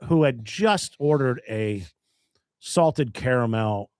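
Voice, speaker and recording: Casting: comedian from Maryland, animated storyteller, dry close sound. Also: male voice, mid-range voice, takes it slowly, dry recording. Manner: animated storyteller, acts out dialogue. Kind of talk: casual podcast storytelling.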